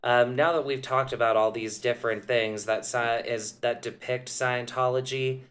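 A man hosting a casual podcast, explaining points in a measured way with frequent ums and uhs. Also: mid-range voice, fairly even intonation, fairly bright tone. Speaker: podcast host.

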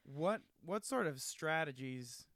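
A man's voice: fairly high pitch, lively intonation, slow, fairly bright tone, no room sound. A man playing along as a dry interviewer in an improvised comedy sketch.

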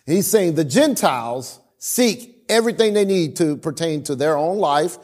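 A man's voice: fairly high pitch, moderate pace. A man preaching a sermon and telling stories from his marriage, acting out his own lines and calling on the congregation to answer. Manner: animated storytelling with acted-out quotes; calls for responses from the congregation. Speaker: pastor.

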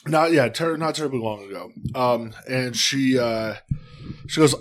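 A young man casually telling a story, animated and swearing freely. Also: mid-range voice, a little slow. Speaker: guest.

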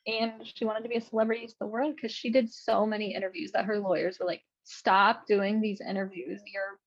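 A woman's voice: on the high side, steady tone, quick pace, a little mellow, breathy edge. A young woman co-hosting a podcast, telling a story in casual chat and laughing often. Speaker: podcast co-host. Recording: dull lo-fi mic.

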